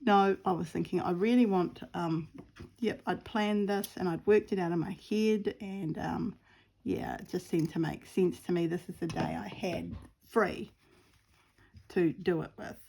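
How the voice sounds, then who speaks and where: A woman's voice: lowish voice, fairly even intonation, measured pace, vocal fry, darkish tone, slightly rough. A middle-aged woman with a New Zealand accent, chatting away in a rambling, self-deprecating way as she sews outdoors at home, sometimes dropping to a murmur. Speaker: sewing vlogger. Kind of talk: casual crafting chat.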